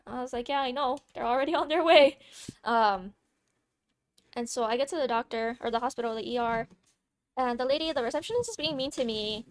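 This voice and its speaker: A young woman vlogger telling a casual story, chatty and playful, swearing freely with quick asides. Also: a little high.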